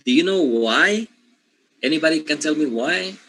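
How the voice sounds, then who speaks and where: A man's voice: a little high, lively intonation, normal speed, bright, forceful tone, a little hiss or hum, rough recording. Spanish-speaking man teaching a class. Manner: asks questions, repeats words for emphasis. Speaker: linguistics teacher. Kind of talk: classroom lecture.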